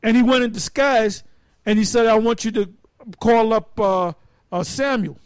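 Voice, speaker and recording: A man's voice: high-pitched, normal speed, clear, resonant tone, dry recording. A man teaching the Bible in a casual, rambling, emphatic way. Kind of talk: casual preaching.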